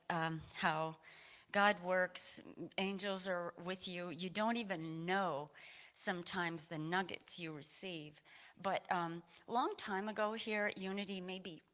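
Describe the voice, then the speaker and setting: A woman's voice: medium pitch, bright, forceful tone. Rambling, emotional woman sharing at church. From Maine, USA. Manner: rambling, many fillers and restarts, laughs often. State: emotional, a little teary. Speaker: congregant sharing a personal story. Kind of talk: informal testimony at a church service. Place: church sanctuary.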